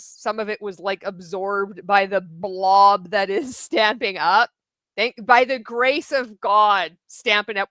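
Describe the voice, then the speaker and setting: A woman's voice: mid-range voice, pushed and bright, no echo. Sarcastic, exasperated woman in a dry room. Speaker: commentary video host. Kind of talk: critical commentary video.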